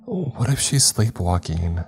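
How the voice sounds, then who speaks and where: A man's voice: lowish voice, big pitch swings, slow, husky, soft background music, voice pushed up, heavily acted. A man voicing an anxious, pleading wife. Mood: worried. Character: worried wife, adult woman.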